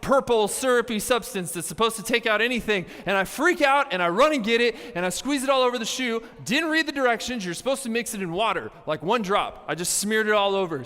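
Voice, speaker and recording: A young man giving a youth camp sermon, telling stories with playful asides and lively energy. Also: high voice, clean tone, long reverb tail. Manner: animated storytelling with playful asides. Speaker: youth pastor. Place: large hall with a live audience.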